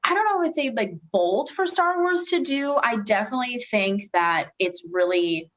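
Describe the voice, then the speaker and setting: A woman's voice: on the high side, expressive, moderate pace, a bit bright, low-quality recording. A woman guest in a casual podcast chat, who talks in long runs with many fillers. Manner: rambling, heavy on filler words.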